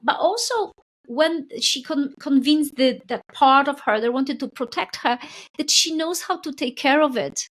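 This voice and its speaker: On a podcast, a middle-aged woman who works as a spiritual coach tells stories with animation, frequently tacking on a questioning "right?". Her voice is high and a bit bright, with lively intonation and a moderate pace.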